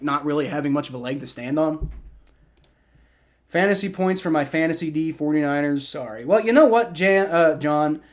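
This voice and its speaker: High-voiced excitable male sports streamer. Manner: excitable, swears and shouts at bad plays, chats with viewers. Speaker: livestream host. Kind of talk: live play-by-play reaction commentary.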